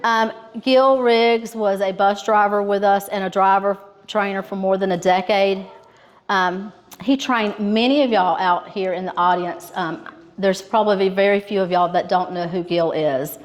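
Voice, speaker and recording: A woman's voice: mid-range voice, steady tone, unhurried. A woman with a Georgia Southern accent presenting awards at a banquet, telling a humorous story and often laughing. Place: school banquet hall with an audience. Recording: audience laughter in a hall.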